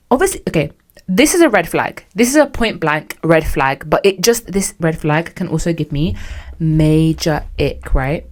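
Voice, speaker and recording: A woman's voice: deep voice, a little mellow. A young adult woman hosting a solo podcast, ranting dramatically and sassily, acting out little scenes. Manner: dramatic, sassy, acts out quotes. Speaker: podcast host.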